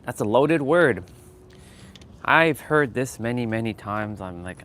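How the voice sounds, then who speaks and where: Walking down a street, a man live-streams from a phone on a gimbal, chatting casually with viewers and laughing often. His medium-pitched voice is expressive, unhurried and a bit bright.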